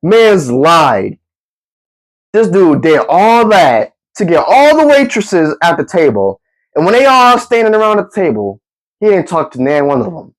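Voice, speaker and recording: A man's voice: high-pitched, sing-song, unhurried, rough recording. A young man casually telling a comedic story in slangy talk, acting out his friends with gasps and laughs.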